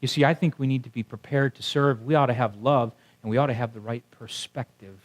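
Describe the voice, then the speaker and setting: A man's voice: medium pitch, fairly even intonation, brisk. A male pastor preaching a sermon to his congregation. He keeps it conversational and often stops to ask the people in front of him questions. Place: church sanctuary before a congregation.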